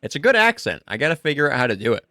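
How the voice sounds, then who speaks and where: A man's voice: medium pitch, big pitch swings, very fast, pushed and bright, no echo. Joking male streamer on a dry close mic. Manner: joking, talks to himself. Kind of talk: casual gameplay commentary.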